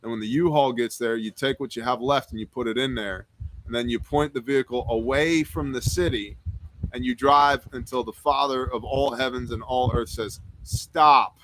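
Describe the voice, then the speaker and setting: Man, live stream host, bright tense voice, dry close sound, joking, rambling. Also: mid-range voice, no echo. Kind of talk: live stream Q&A, reading chat.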